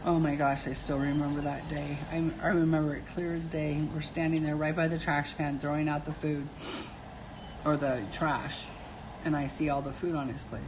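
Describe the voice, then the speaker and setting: A woman's voice: deep voice, little pitch movement, moderate pace, background noise. A middle-aged woman hosting a casual live stream, telling family stories with frequent laughter and answering viewers' comments.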